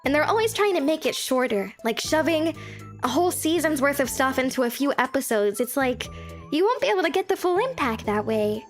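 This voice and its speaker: A young woman streaming as a VTuber, chatting casually with her chat, bubbly and giggly, her voice jumping up when she gets excited. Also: faint music behind. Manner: bubbly, giggly, animated, quick pitch jumps when excited.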